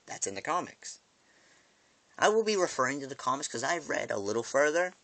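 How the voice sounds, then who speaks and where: A man's voice: on the low side, bright, forceful tone, no echo. A man vlogging a casual, rambling episode recap, swearing freely and breaking off into asides and restarts. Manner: profane, quick restarts and asides.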